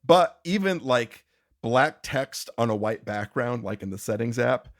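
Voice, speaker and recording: A man's voice: medium pitch, animated, a little slow. A man co-hosting a podcast, rambling in casual chat, restarting sentences and laughing often. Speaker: podcast co-host.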